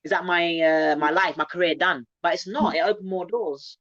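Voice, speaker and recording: A woman comedian, telling stories in a casual, animated interview, with chatty restarts. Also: lowish voice, normal speed, muffled recording, crowd noise. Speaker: comedian and guest.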